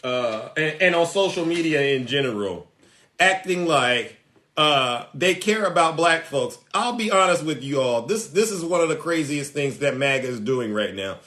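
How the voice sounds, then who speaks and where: A social media commentator with a slightly high, bright, forceful voice delivers an emphatic political monologue to his followers at a normal pace with lively intonation. He's preachy and taunting, often tagging his points with a repeated "all right?"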